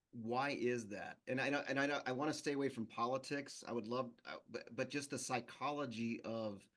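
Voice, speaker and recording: A man with a middle-range voice takes part in a relaxed group conversation. He poses questions hesitantly, filling his pauses with ums and restarts. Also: medium pitch. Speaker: podcast co-host. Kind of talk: casual group discussion.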